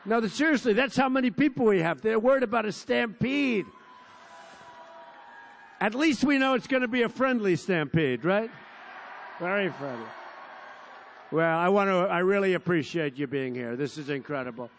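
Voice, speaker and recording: A man's voice: high-pitched, lively intonation, moderate pace, gravelly, long pauses, a little hiss or hum. Boastful older man giving a rally speech. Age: 70s. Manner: boastful, digressive, repetitive, bursts into shouting. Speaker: politician at a rally. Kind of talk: rambling campaign rally speech. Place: large outdoor field rally.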